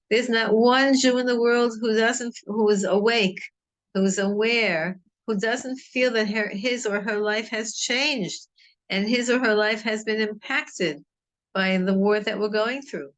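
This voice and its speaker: A woman's voice: medium pitch, measured pace. A middle-aged woman teaching a Torah class in an earnest, rambling way, with many restarts. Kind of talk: informal Torah talk.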